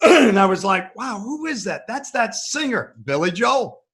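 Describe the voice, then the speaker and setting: A man hosting a casual chat show, chiming in with quick interjections and laughing along with his guests. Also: high voice, very animated, fairly bright tone. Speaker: podcast host.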